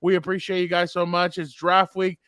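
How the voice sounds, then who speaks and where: High, smooth-voiced male podcast host. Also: monotone, a bit bright, dry recording. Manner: promotional, many filler pauses. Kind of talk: casual sports podcast outro.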